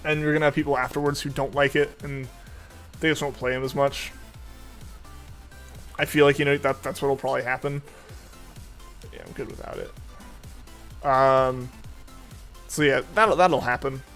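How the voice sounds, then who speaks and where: A man's voice: medium pitch, level tone, moderate pace, pauses often, fairly bright tone. Rambling young man chatting over game music. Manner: rambling, with many fillers and restarts. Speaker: streamer. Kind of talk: casual chat while gaming.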